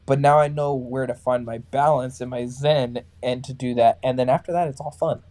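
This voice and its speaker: Male, thirties, singer from California, warm mellow tone, talks in lively anecdotes and acts out the other voices. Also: mid-range voice, moderate pace. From Sacramento, California. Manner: animated, acts out other people's lines. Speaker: metalcore band vocalist and barber. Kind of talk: casual storytelling in a podcast interview.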